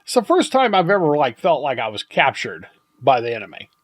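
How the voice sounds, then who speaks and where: An older man hosting a podcast, telling a story in a rambling, halting way with many restarts and chuckles. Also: mid-range voice, wildly swooping pitch. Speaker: podcast host. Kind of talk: casual storytelling monologue.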